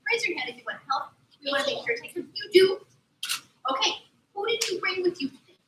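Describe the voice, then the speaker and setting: A young woman performing as a mermaid, teaching children in an animated, sing-song way at a live aquarium show. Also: very high voice, brisk, a little hiss or hum. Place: aquarium tank area with audience. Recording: echoey room from far off, faint ambience.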